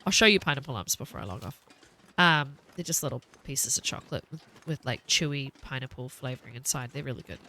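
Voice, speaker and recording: Streaming a game, a woman in her thirties with a New Zealand accent chats casually, rambles, and laughs often. Her very deep voice has lively intonation and a sharp tone, and she talks fast.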